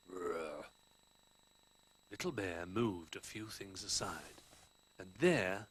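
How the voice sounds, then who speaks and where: A man reading a children's storybook aloud in an expressive way, dropping to a hush for the quiet moments. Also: fairly low pitch, slightly rough, rough recording. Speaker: narrator.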